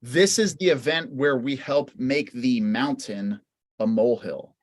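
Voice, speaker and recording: A man's voice: medium pitch, a little slow. A man co-hosting a live Q&A over a video call, chatting casually with many fillers and motivational asides. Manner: talkative, lots of "like", motivational. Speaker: co-host of live Q&A. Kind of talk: casual live-stream chat.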